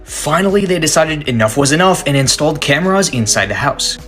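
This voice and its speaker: A man's voice: a little high, lively intonation, a little fast, fairly bright tone, soft background music. A man giving scripted narration of a creepy story in a teasing, suspense-building way.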